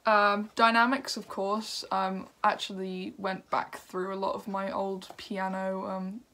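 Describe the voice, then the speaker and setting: Young woman doing a chatty music review vlog, upbeat, lots of ums and little laughs, middle pitch. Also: little pitch movement, measured pace, bright, forceful tone. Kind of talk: casual video review.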